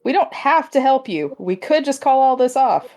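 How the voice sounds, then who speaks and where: A woman voicing a defiant furry teenage girl in a lowered voice, in a tabletop game. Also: sing-song, moderate pace, a little mellow. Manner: blunt, sulky defiance.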